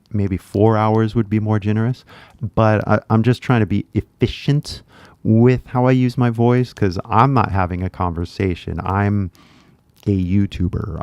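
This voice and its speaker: Young American guy, YouTuber English teacher, low and gravelly, chatty livestream ramble, dry booth sound. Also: a little mellow, dry recording, highs cut off. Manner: rambling, loose, many restarts and fillers. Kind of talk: casual livestream chat.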